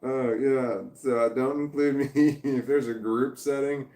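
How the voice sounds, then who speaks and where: A man's voice: medium pitch, fairly even intonation, unhurried, dark tone, roomy sound. A man on a casual livestream, ranting heatedly and swearing, with laughs between sentences. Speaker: vlogger.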